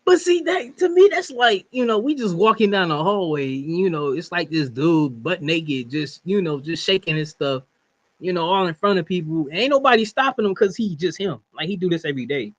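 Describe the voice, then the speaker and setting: A man's voice: high voice, animated, normal speed, fairly bright tone. A man co-hosting a podcast who argues his point emphatically in casual slang. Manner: emphatic, opinionated, slangy, laughs often. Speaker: podcast co-host. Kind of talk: casual wrestling podcast chat. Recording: dull, lo-fi sound.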